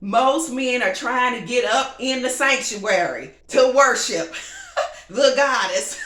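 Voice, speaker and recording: A sassy woman host talks straight to her viewers in a casual monologue. Her voice sits on the high side, lively and laughing, and it carries a roomy echo. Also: slow. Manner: sassy, animated, laughs often. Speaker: show host. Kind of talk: casual talk-show monologue.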